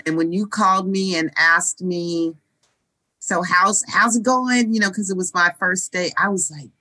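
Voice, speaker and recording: A woman co-host with a bright voice and a slow, deliberate delivery. She speaks earnestly and leans hard on the words that matter. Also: lowish voice, steady tone, rough recording. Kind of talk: casual chat.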